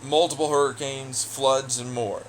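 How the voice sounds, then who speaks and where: A man ranting alone in an audio blog, profane, taunting and hostile, swinging between loud jeers and low muttering. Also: little pitch movement, a little slow, a little hiss or hum. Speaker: audio blogger. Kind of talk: angry solo rant.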